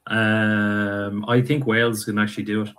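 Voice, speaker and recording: Low, measured male panelist. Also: level tone, a bit bright. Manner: measured, hesitant "uh" before answers. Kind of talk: casual panel chat. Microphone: video call.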